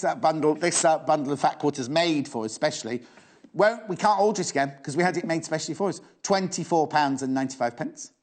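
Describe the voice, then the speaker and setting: A man's voice: a little high, darkish tone. A man presenting fabrics live on a shopping channel, chatty and teasing, often repeating prices and stock levels.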